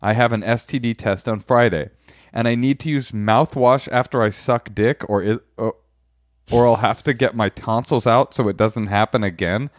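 A man's voice: mid-range voice, normal speed. A man co-hosting a podcast, reading listener emails aloud in a crude, wry, playful way. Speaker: podcast co-host.

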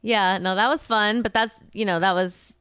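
Hesitant woman with a smooth voice. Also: medium pitch, steady tone, fairly bright tone, dry recording, studio quality. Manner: hesitant, halting. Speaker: podcast co-host. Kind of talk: casual chat.

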